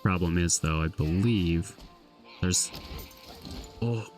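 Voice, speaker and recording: A man giving casual, relaxed commentary on his own gameplay, thinking aloud and trailing off mid-thought. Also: low voice, takes it slowly, recorded from a distance, faint music behind. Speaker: gameplay streamer.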